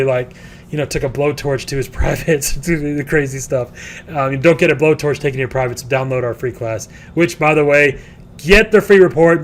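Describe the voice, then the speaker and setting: A man's voice: medium pitch, a little hiss or hum. A man, a real estate educator, telling a long story in a casual, rambling way with many restarts.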